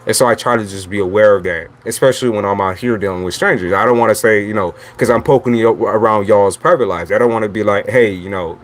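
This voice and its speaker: A man's voice: fairly low pitch, fast, hardly any pauses. A man reading tarot who talks in a blunt, chatty way, swearing freely and laughing often as he rambles. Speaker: tarot reader. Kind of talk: casual livestream monologue.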